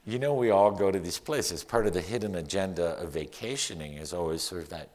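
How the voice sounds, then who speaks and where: Low-voiced poet reading to an audience. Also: male voice, fairly quick. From Miami, United States. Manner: relaxed, wry, self-deprecating humor; reads the poem with lively, rising emphasis. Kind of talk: public talk and poetry reading. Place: live event before an audience.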